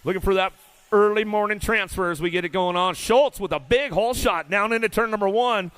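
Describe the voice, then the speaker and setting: A man announcing live BMX races in an indoor arena, rattling off riders' names in rapid play-by-play with casual, folksy banter. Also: high-pitched, fairly bright tone, smooth, no room sound. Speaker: race announcer. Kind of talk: live BMX race commentary.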